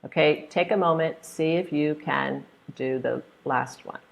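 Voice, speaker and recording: An American woman in young adulthood teaching a pronunciation webinar, slowly stretching out stressed syllables and acting out little stories. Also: low voice, gravelly. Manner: slow, exaggerated modelling of stressed syllables; acts out voices in her stories. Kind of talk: online pronunciation lesson.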